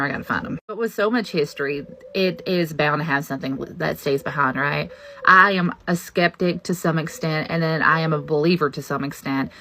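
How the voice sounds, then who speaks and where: A woman with a drawl shares a ghost story in a folksy, confiding manner. Her voice is bright and edged with a gravelly fry, and her pitch sits a little low for a woman. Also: slight background noise. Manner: folksy, confiding, animated when quoting others. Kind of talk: casual personal storytelling to camera.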